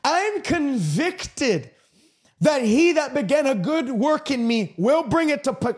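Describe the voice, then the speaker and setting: A man's voice: very high-pitched, animated, normal speed. A man preaching a broadcast sermon with an emphatic, repetitive cadence.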